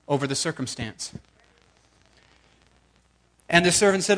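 A man preaching a sermon in a lively, emphatic way, often repeating words to drive a point home. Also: sits high, a little slow, long pauses.

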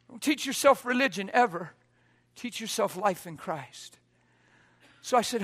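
A man preaching a sermon through a personal story, dropping to hushed quoted lines and rising to loud, near-shouted exhortation. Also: high voice, expressive, a little slow, long pauses.

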